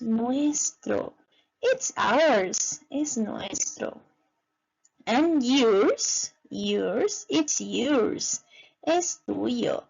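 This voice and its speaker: A woman teaching English in a slow, patient classroom voice, repeating each word and giving the alongside it. Her voice sits fairly high and swings lively up and down, with a gravelly fry at the ends of phrases. The recording sounds dull and lo-fi. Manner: repeats each word slowly, switching between English and Spanish. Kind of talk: slow bilingual classroom lesson.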